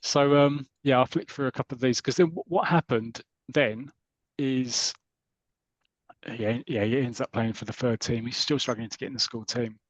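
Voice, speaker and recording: A man's voice: mid-range voice, steady tone, normal speed, no echo, poor audio. A man co-hosting a podcast, casually retelling a comic story with rambling asides and quoted lines. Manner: rambling, retells plot with quoted voices and laughs. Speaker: podcast co-host.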